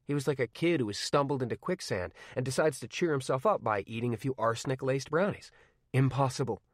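A man narrating a novel in first person with measured, wry storytelling. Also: mid-range voice, expressive, no echo, clean studio sound. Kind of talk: audiobook narration.

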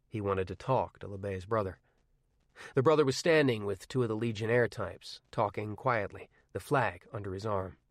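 A man narrating a novel in first person with measured, wry storytelling. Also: lowish voice, no echo, clean studio sound. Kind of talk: audiobook narration.

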